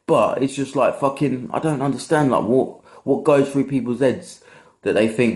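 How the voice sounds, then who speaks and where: A man's voice: mid-range voice, moderate pace, a little mellow. A young man, ranting casually to camera in a rambling, sweary, exasperated way. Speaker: vlogger.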